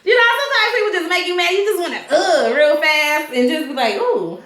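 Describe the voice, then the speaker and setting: A woman casually recapping a TV episode, slangy and animated, laughing and acting out the characters' lines. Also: very high voice, fast talker. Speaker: TV episode reviewer. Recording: echoey room.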